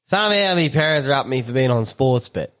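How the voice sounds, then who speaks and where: Animated, laughing man. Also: medium pitch, a little fast. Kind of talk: casual chat.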